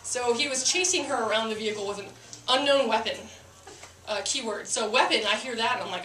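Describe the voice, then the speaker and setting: A woman's voice: a little high, fast talker, bright, forceful tone, echoey room, recorded from a distance, a little hiss or hum. A woman who is a police officer telling a story to a live audience, chatty and self-mocking with lots of fillers.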